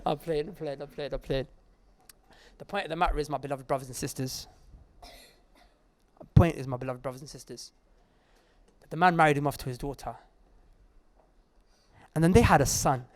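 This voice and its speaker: A man preaching a lively sermon to a live audience in an Islamic centre, joking with the crowd and addressing it directly. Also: medium pitch, moderate pace, pauses often.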